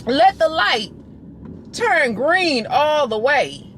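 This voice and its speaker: A woman's voice: sits high, very animated, very slow, fairly bright tone, a little hiss or hum, pitched above the performer's own voice, exaggerated voice. A woman voicing a prim middle-aged corporate woman, who lectures in a stiff, mock-formal manner. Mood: scolding.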